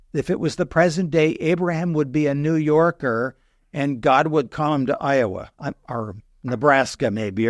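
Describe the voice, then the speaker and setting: A man's voice: on the high side, no echo, studio quality. An older man, a history professor guesting on a podcast, explaining things in a digressive conversational way, correcting himself often and dropping wry asides.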